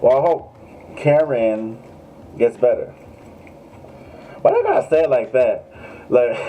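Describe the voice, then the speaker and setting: A man's voice: mid-range voice, dark tone, a little hiss or hum, poor audio. A man giving a casual, joking live tarot reading, swearing freely and talking straight to his viewers. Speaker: tarot reader.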